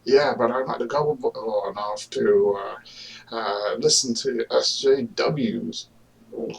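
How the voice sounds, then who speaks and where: A man rambles through a casual, argumentative monologue, stopping often to restart his thoughts with fillers. He talks slowly at a middling pitch. His voice comes from some distance away from the mic. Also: gravelly. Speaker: vlogger.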